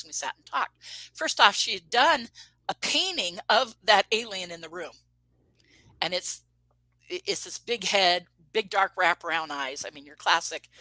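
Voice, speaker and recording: A woman in her fifties, appearing as an interview guest, tells a personal story in a bright, forceful voice of medium pitch. She acts out quoted dialogue with animation and keeps restarting her sentences. The close, dry recording is of low quality.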